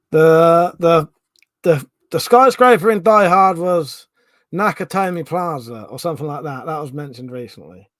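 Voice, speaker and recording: A man's voice: a little high, fairly bright tone, no room sound. Sweary Home Counties man live-streaming. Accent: Home Counties English. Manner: swears freely, reads out chat questions, thinks aloud. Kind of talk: casual live-stream chat.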